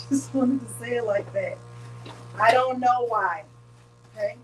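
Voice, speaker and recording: A woman's voice: fairly high pitch, takes it slowly, slight background noise. A woman with a Southern US accent hosting a casual crafting livestream, thinking aloud and joking with viewers. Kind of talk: casual live chat.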